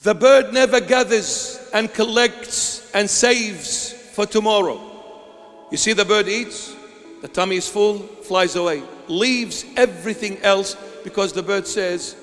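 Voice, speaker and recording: A man's voice: high voice, measured pace, fairly bright tone, long reverb tail, faint music behind. A man preaching a sermon as a bishop, impassioned, with rhythmic repeated phrases that sometimes lift into song.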